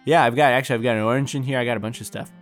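A man's voice: mid-range voice, fairly even intonation, rapid-fire, faint music behind, natural voice. A man voicing a nervous, rambling young male scholar-magician in a storybook reading, with a slightly raised, stammering voice. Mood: flustered.

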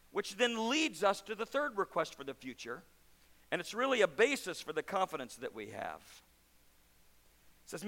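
A bright, high-pitched man preaches a sermon in a church sanctuary, his voice trailing off in long hall reverb. He drops to hushed, intimate lows and then rises to loud, emphatic peaks. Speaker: pastor.

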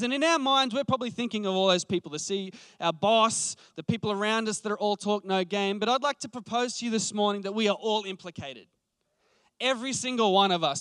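High, smooth-voiced preacher. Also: male voice, fairly bright tone, no echo, studio quality. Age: late 20s. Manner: passionate, thinks aloud with restarts and fillers. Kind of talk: conversational sermon.

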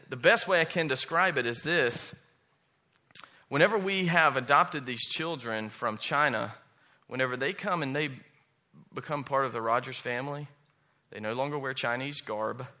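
A man's voice: medium pitch, pushed and bright. A man, preaching a sermon, emphatic and repetitive, often checking in with "okay?" and "right?". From Southern US.

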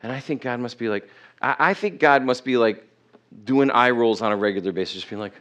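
A man's voice: mid-range voice, fairly quick, a bit bright. A middle-aged man preaching to his congregation, reading scripture aloud and putting questions to the people. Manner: reads scripture aloud with self-corrections. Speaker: pastor. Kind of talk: sermon. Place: church.

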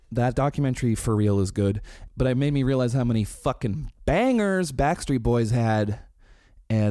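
A man in his thirties chatting casually, telling animated stories full of swearing, laughs and quoted impressions. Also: on the low side, no room sound, studio quality. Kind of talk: casual chat.

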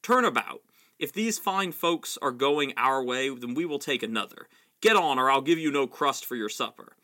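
A man's voice: mid-range voice, expressive, normal speed, pushed and bright. A man reading aloud, voicing a bitter, ruined old male wizard who sneers, whines and spits scorn at everyone. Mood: snarling. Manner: sneering, whining and spiteful.

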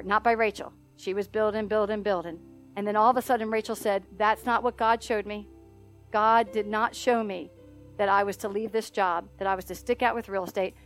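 A middle-aged woman minister tells a story during a sermon, animated and laughing often as she acts out its voices. Her voice is medium in pitch.

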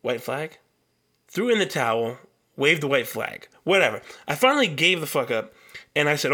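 A man's voice: fairly high pitch, big pitch swings, normal speed, sharp tone. A young man hosting a solo podcast, telling a long story in a heated, profane rant. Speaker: podcast host.

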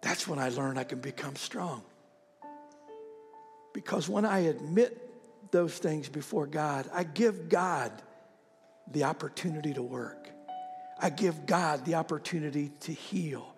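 A male pastor telling a story in a sermon, animated, climbing to high shouts at the peaks and dropping to soft whispers. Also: moderate pace, creaky, faint music behind. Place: church sanctuary. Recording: long reverb of a large hall.

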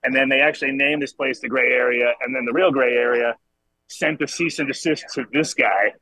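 Host, man from Rhode Island, rambling profane storyteller, bright forceful voice, dry sound. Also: mid-range voice, brisk, no room sound, rough recording. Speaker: podcast host. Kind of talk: casual chat, storytelling. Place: cannabis club lounge. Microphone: camera on a video call.

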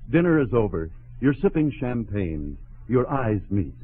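A man's voice: medium pitch, sing-song, a little slow, breathy edge. A man playing a jaunty, wisecracking friend who teases and spins stories, in 1940s radio sitcom acting. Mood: teasing. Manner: jaunty, teasing, storytelling. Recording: tinny old radio broadcast, faint audience.

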